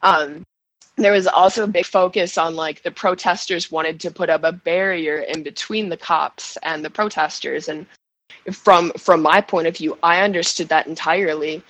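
A shaken woman giving an emotional first-person account as a guest, halting and restarting, with nervous laughs. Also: on the low side, steady tone, a bit bright, dry recording, rough recording. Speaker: guest recounting events.

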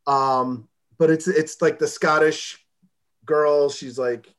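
Hesitant man chatting, slightly high voice. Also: steady tone, fairly bright tone. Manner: hesitant, halting restarts. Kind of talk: casual chat.

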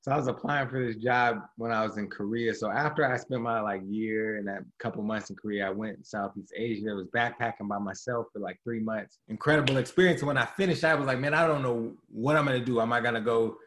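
A man who works with undergraduates, talking in a relaxed, reflective way with casual slang. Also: on the low side, a little fast, few pauses. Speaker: university staff working with undergrads. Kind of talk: casual conversation.

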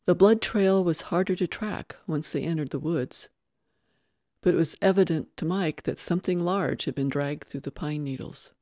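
A narrator reading a western novel aloud in a steady, hushed storytelling manner. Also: medium pitch, normal speed, no room sound, clean studio sound.

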